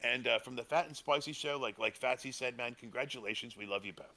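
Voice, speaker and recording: A man's voice: mid-range voice, fast talker, bright, forceful tone. A man playing a laid-back talk show co-host in a role-play game, casually chatting and tagging his lines with easygoing slang. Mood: laid-back banter.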